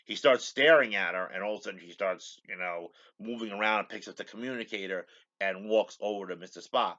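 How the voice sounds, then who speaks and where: A man's voice: on the low side, a little fast, pushed and bright. A man hosting a show, casually recapping an episode in a rambling way, full of fillers and restarts. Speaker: host. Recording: dull lo-fi recording.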